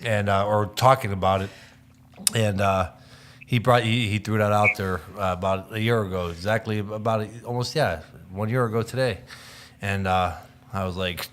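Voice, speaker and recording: A man's voice: fairly low pitch, fairly even intonation, normal speed, fairly bright tone, slight background noise. A man co-hosting a podcast, talking in an easygoing, casual way. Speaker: podcast co-host. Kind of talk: casual chat.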